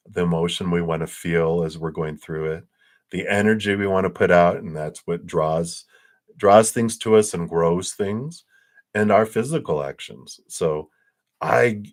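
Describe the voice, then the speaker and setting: A man giving a casual spiritual talk on a livestream, animated and acting out quotes between chuckles. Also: sits low. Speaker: spiritual reader.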